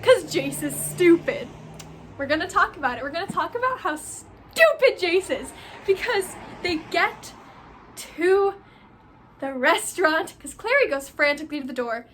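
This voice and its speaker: A young woman chatting casually about a book she loves, gushing and animated, packing her talk with "like.". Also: extremely high pitch, moderate pace, a little hiss or hum. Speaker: book vlogger. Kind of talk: casual book review chat.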